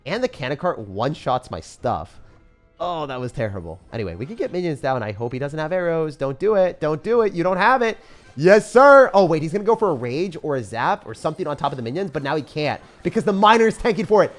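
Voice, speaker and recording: A young man talks through his match as it happens, his voice leaping between loud excited bursts and quiet muttered asides. He jokes at his opponent and keeps up a running play-by-play, with faint music playing underneath. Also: quick pace. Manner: excitable, jokey, swings from loud hype to low mutters. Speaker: gaming commentator. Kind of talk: live gameplay commentary.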